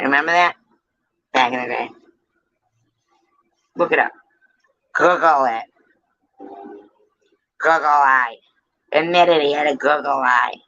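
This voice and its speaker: A woman's voice: very deep voice, lively intonation, slow, pauses often, sharp tone, muffled recording. A woman hosting a casual livestream, chatting with viewers in a playful, teasing way and swearing freely. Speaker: livestream host.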